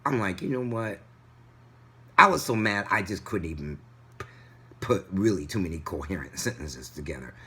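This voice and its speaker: Indignant husky man telling a story. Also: sits low, brisk. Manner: animated, indignant retelling. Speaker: vlogger. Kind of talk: casual storytelling vlog.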